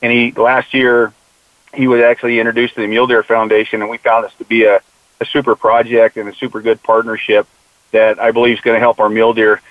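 Fast and monotone at a medium pitch, an American man who mentors young hunters and conserves mule deer talks in a casual interview. His storytelling is earnest and conversational, often quoting his words to the kids. The recording is dry and tinny, phone-like.

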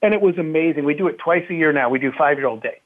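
A man, a company CEO, telling a lively anecdote in an interview, acting out voices and laughing often. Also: a little high, racing. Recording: tinny phone-like line.

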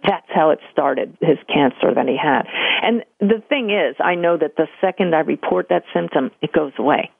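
An older woman, a medium, tells stories animatedly in an interview and slips into the voices of the people she quotes. Her low-sitting voice has vocal fry and a slight roughness, at a moderate pace. The audio is dry and close, thin and tinny like a phone line, with no room sound.

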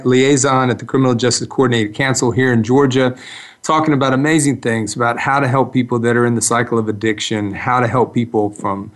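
A man hosting a talk radio show. He tells a story in a casual, rambling way, restarting his sentences as he goes. His voice sits at an ordinary middle pitch. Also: a bit bright.

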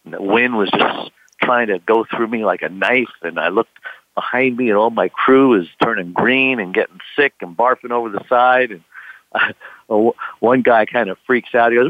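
A man's voice: lowish voice, normal speed, no room sound. An older man telling a long personal story, rambling with lots of fillers and acting out the voices of people in it. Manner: rambling, with many "you know" fillers, acts out quoted voices. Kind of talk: casual storytelling. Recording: tinny phone line, dry.

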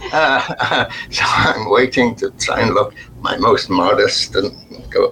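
A man with a Liverpool accent telling a workplace anecdote in a halting way, acting out other people's voices. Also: lowish voice, creaky, bright, forceful tone, a little hiss or hum, poor audio. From Liverpool, England.

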